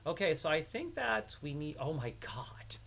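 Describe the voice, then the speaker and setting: A man from upstate New York streams himself playing an online game and chats in excitable, slangy banter with his teammate. His voice is fairly high and bright. There is a faint hiss behind it. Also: moderate pace, gravelly. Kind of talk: live gameplay commentary.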